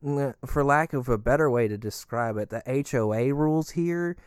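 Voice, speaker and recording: A man's voice: normal speed, clear, resonant tone, no room sound, studio quality, lightly acted. A man playing a rambling, easygoing male resident living inside a giant creature, chatty and crude. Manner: chatty, crude, swinging pitch.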